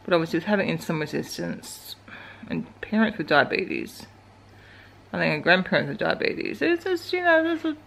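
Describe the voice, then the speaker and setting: A woman's voice: fairly low pitch, very animated, normal speed, creaky, fairly bright tone. An Australian woman in her forties, chatting casually in a home vlog, rambling and laughing as she talks to her dogs. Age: 40s. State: out of breath from exercising. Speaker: vlogger.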